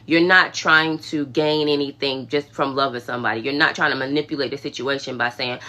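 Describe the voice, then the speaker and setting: Low, bright-voiced woman preaching casually. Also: steady tone, a little fast, hardly any pauses. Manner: emphatic, conversational, preachy asides. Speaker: livestream host. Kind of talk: casual faith talk on a livestream.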